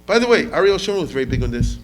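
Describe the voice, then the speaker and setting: A man's voice: a little high, big pitch swings, rapid-fire, soft background music. A man lecturing on history as a rabbi, talking casually, often asking the audience questions and mixing in Hebrew words.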